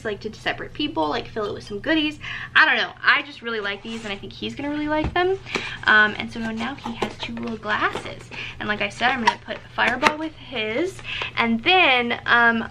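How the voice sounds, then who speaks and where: A woman's voice: fairly high pitch, pushed and bright, a little hiss or hum. A young woman vlogger chatting casually about gifts she picked, with lots of ums and likes and eager enthusiasm. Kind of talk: casual gift show-and-tell.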